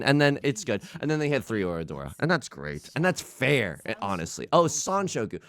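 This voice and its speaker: A man's voice: mid-range voice, very animated, fairly quick, hardly any pauses, a bit bright. A young man giving casual live commentary over his own gameplay, self-mocking and prone to stammered restarts. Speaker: gaming YouTuber.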